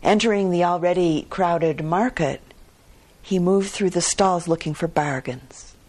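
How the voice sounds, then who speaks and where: A woman meditation teacher telling a story in a dharma talk, unhurried and gently expressive. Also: on the low side.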